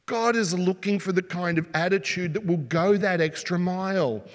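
A man's voice: sits high, moderate pace. Man preaching in a reverberant hall. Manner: animated storytelling, asks the congregation rhetorical questions. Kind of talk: sermon. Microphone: sermon mic, mask just taken off.

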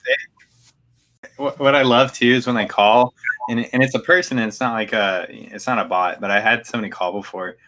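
A man's voice: medium pitch, steady tone, brisk, a bit bright. A young man in casual chat, laughing as he retells a phone call and acts out the voices. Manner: laughing, quotes callers in put-on voices. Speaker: podcast co-host.

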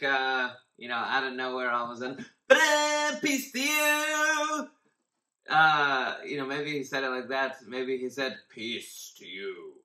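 A man's voice: medium pitch, pushed and bright, reverberant, low-quality recording. A man who is a pastor, giving a casual devotional Bible teaching in a conversational way, rambling with fillers and restarts.

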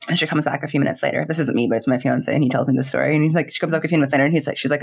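A woman's voice: deep voice, quick pace, husky. Giggly, chatty young woman streamer. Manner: chatty, giggly, lots of fillers and quoted dialogue. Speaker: streamer and content creator. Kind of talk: casual interview chat.

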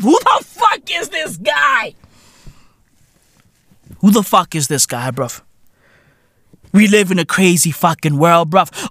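A man with hosting a comedy podcast, giving a profane monologue full of "bruv" and "innit" and shouting some bits. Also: high-pitched, dry recording, studio quality. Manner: profane slangy banter, frequent "bruv" and "innit".

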